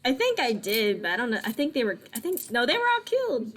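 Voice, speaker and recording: A woman's voice: on the high side, wildly swooping pitch, quick pace, fairly bright tone. A woman voicing a cursed former noble man who talks hesitantly and trails off. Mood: wistful. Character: male former noble, cursed, forgetful and mild.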